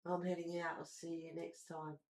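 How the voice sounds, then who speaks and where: Woman, livestream host, casual colouring chat, animated, gossipy, swears now and then. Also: fairly low pitch, normal speed.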